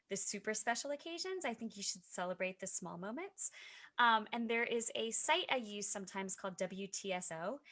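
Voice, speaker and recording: Bright-voiced chatty woman on a video call. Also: mid-range voice. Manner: chatty, self-deprecating, many fillers and restarts. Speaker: author guest. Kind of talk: casual video chat.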